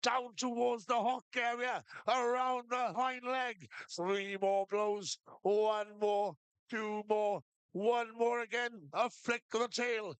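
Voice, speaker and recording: A man giving steady blow-by-blow live commentary on a shearing competition. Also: very high-pitched, takes it slowly, smooth, no room sound. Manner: steady blow-by-blow calling of each shearing move. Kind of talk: live sports commentary over a PA.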